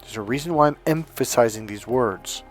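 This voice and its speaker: A man's voice: mid-range voice, normal speed. Emphatic man lecturing on dating. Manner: emphatic, repetitive lecturing with anecdotes. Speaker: dating coach. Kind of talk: teaching to camera. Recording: faint music behind. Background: faint music.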